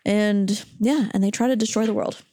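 A woman's voice: mid-range voice, fairly even intonation, normal speed, warm tone. A woman podcast co-host in a casual chat, playful and given to summing up in short lists. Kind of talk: casual discussion.

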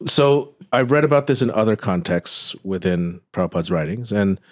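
A man who produces a podcast, explaining a point in a measured way as he thinks aloud. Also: fairly low pitch, lively intonation. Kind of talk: explaining in casual chat.

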